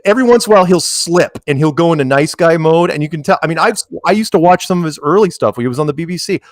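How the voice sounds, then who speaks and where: An American man appears as an interview guest on a casual podcast, animatedly telling stories and acting out quoted voices. His voice is fairly high and very fast, captured in clean studio sound with no echo.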